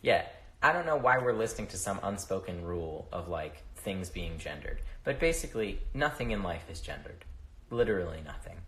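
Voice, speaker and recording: A man's voice: sits low, very animated, a little fast, fairly bright tone. A young man hosting a casual livestream, chatting loosely with viewers, swearing freely and losing his train of thought, talking into a phone. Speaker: livestream host answering viewer questions. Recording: roomy echo.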